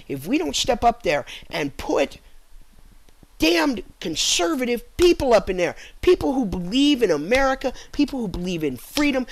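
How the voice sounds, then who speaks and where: Heated ranting man, insulting and loud. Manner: heated, insulting, pitch swinging up sharply on rhetorical questions; drops low and quiet when winding down. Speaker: political vlogger. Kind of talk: angry political rant to camera.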